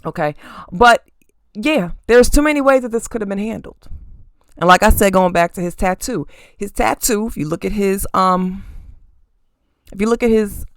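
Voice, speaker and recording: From a room at home displaying crystals and statues, a podcast host faces the camera and offers blunt, casual opinion commentary, cursing freely and asking "okay?". The medium-pitched voice has a moderate pace with frequent pauses, in clean, dry studio sound.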